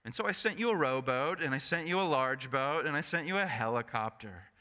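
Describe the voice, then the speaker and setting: A preacher voicing God as a calm, patient figure who speaks in a measured, lower voice. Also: male voice. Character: calm, patient God, an all-knowing fatherly voice. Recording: echoey church sanctuary.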